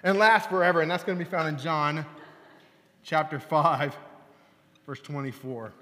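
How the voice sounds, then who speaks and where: A man in his thirties preaching a lively sermon, playful and talking straight to the room with bursts of excitement. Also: fairly high pitch, normal speed, big-room sound. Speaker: youth pastor. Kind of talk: lively sermon to a young crowd. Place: large church hall.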